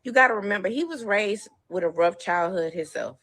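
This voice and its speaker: A woman's voice: mid-range voice, animated, a little fast, fairly bright tone. A woman talking on her livestream, tearful, rambling and defensive. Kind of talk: emotional live stream talk.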